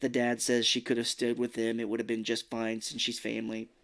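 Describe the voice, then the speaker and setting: A man talking through a film's story for a podcast, easy and conversational. He keeps popping into short, playful voices for the characters. His pitch sits right in the middle for a man. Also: monotone, fairly bright tone. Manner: retells plot with quick put-on voices for characters. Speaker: podcast co-host. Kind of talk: casual film recap chat.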